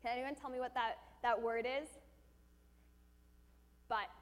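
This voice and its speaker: A woman's voice: a little high, steady tone, measured pace, in a large hall. A woman preaching a sermon, telling a personal story with animation and asking the audience questions.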